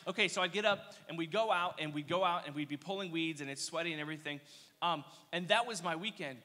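A young man preaching a casual youth sermon, telling energetic, slangy stories with playful asides. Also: high-pitched, fast. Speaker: youth pastor. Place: church hall. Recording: long reverb of a church hall.

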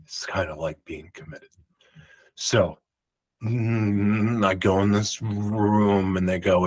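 A man host telling a personal story in a rambling, animated way, often cutting himself off. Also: fairly low pitch, slow pace, poor audio. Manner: rambling, animated, self-interrupting retelling.

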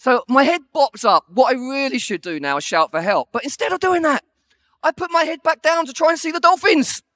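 A man giving a humorous sermon with a high, bright voice, laughing at himself as he tells a story. He sounds lively and animated, and the recording is dry and close. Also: fairly quick, dry recording. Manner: animated, self-deprecating storytelling. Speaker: preacher.

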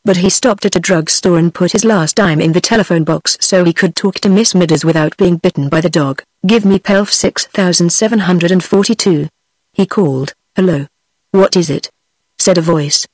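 A text-to-speech woman's voice with a British English accent, reading a fairy tale aloud in an even, measured way. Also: lowish voice, no echo, poor audio. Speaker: audiobook narrator.

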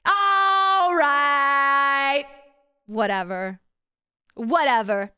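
A woman's voice: high-pitched, drawn-out words, sharp tone, no echo. A young woman streamer telling a story to her chat in a casual way, swearing a lot, laughing often and playing up her own drama. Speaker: VTuber streamer.

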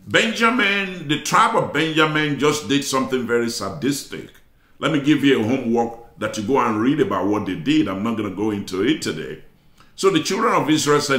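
A man preaching a sermon as bishop, emphatic, stretching out key phrases slowly for effect. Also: mid-range voice, very animated, sharp tone. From Africa. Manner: emphatic preaching with dramatic slow drawn-out phrases. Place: church sanctuary. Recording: echoey church hall.

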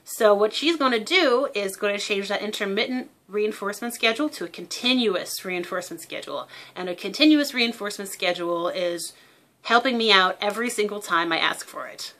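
A woman's voice: medium pitch, a little fast, sharp tone. A young woman who owns a parrot, talking casually and explaining bird behavior through everyday examples. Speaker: parrot owner giving behavior tips.

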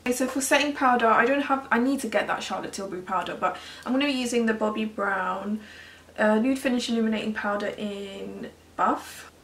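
A woman's voice: on the high side, brisk, a bit bright. A young woman vlogging her makeup in a chatty, casual way while commenting on a tutorial. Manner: chatty, comments on a video as she goes. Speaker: beauty vlogger. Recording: echoey room, distant mic, faint noise.

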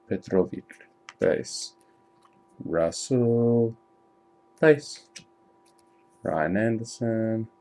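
A man with a lowish voice giving casual live commentary while he opens trading card packs. He talks in an unhurried drawl, swears freely and breaks into loud excited shouts at good pulls. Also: vocal fry. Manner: chatty and profane, bursts into excited shouting.

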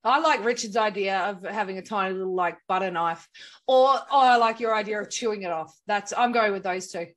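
A woman's voice: medium pitch, fairly quick. A woman in casual podcast chat, teasing and skeptical.

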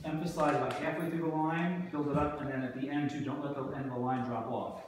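Encouraging teacher coaching a rehearsal. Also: male voice, on the high side, steady tone, fast. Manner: patient, encouraging, full of "okay?" checks. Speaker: drama teacher. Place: school classroom. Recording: echoey classroom, far from mic, background noise.

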